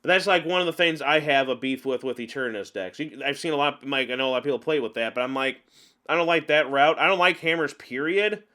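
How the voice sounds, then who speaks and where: A man giving casual gameplay commentary on a card game, chatty and openly venting his frustrations with animated outbursts. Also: mid-range voice, fast. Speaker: gaming channel host.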